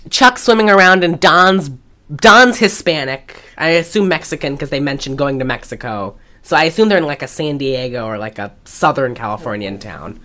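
A woman co-hosting a podcast, recapping a movie in casual chat and acting out the characters' lines as she goes. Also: low voice. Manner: animated, acts out quoted lines while recapping. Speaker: podcast co-host.

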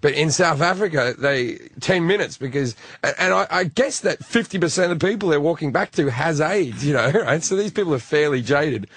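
A man's voice: a little high, brisk, hardly any pauses, breathy edge, no room sound. A man telling crude stories in casual podcast banter, laughing as he goes. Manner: crude, animated storytelling with laughter. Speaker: comedian guest telling stories.

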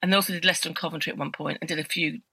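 Quick-talking gravelly woman comic. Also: low-pitched, steady tone, sharp tone, no echo. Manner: chatty, self-deprecating, quick asides. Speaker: comedian and promoter, guest. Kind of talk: casual chat.

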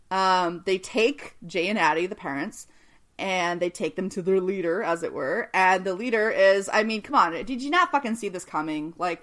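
A woman's voice: mid-range voice, fairly bright tone. A woman co-hosting a podcast, recapping a TV episode in casual chat, swearing often and laughing a lot. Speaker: podcast co-host.

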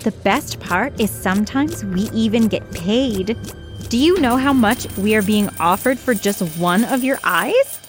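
A woman's voice: medium pitch, lively intonation, measured pace, natural voice. A woman voicing a sweet young girlfriend with a sinister side, speaking in a lilting, playful way over music. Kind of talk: storytelling. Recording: music behind.

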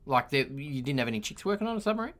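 A man co-hosting a casual podcast, cheeky and crude, jumping in with quick remarks. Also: mid-range voice, very animated, fairly bright tone. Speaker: podcast co-host.

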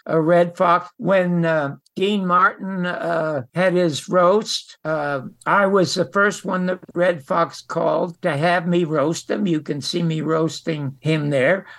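An older man, a guest in an interview, telling lively anecdotes and acting out quoted lines. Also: sits high, gravelly. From United States. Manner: animated storyteller who acts out quotes. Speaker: guest storyteller.

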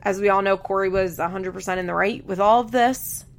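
A young woman talks through a TV episode in a loose, chatty way, full of opinions and little laughs. Her voice sits at an everyday middle pitch. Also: a little fast. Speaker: podcast host recapping a reality show. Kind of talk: casual recap chat.

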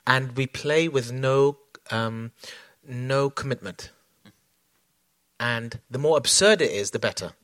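A man's voice: medium pitch, takes it slowly, fairly bright tone, no room sound. Guy musing about his work, lots of ums and restarts, dry close mic. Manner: reflective, many fillers and restarts. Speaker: choreographer guest. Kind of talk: onstage conversation.

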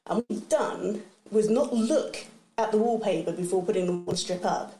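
A woman's voice: mid-range voice, echoey room, low-quality recording. Laughing woman telling funny family stories. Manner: lively anecdotes, quick voice impressions, laughing. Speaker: guest comedian. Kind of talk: casual storytelling chat.

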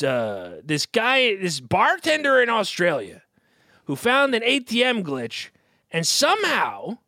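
A man co-hosting a podcast in casual chat, reacting with quick exclamations and questions. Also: on the high side, pushed and bright, no room sound, studio quality. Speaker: podcast co-host.

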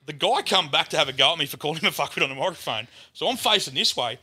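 Australian man, podcast guest, bright edgy tone, loose swear-heavy storyteller. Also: a little high, animated, very fast, husky, no room sound, studio quality. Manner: swears freely, rambling yarn-telling. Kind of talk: casual storytelling chat.

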